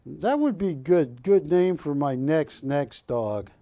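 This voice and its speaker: A middle-aged man calls bids on a live shopping broadcast, drifting into jokes and asides. His voice sits high and moves at an unhurried pace, recorded close and dry in the studio. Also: animated, mellow, no room sound. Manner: chatty, jokey, rambling between bid calls. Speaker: auctioneer host of a shopping show. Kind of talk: live TV auction sales patter.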